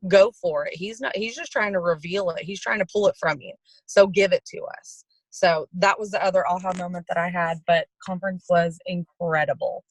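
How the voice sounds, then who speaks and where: A woman's voice: fairly low pitch, moderate pace, hardly any pauses, dry recording. A woman who shares a heartfelt conference recap on a video call, earnest and full of fillers. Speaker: team member sharing a conference recap. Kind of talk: casual testimonial on a video call.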